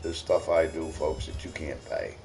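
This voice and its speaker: A man's voice: rumbling low, moderate pace, creaky, darkish tone, faint music behind, low-quality recording. A man from Cape Breton with a Cape Breton accent, telling a folksy story to viewers outdoors in the snow. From Cape Breton, Nova Scotia, Canada. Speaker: vlogger.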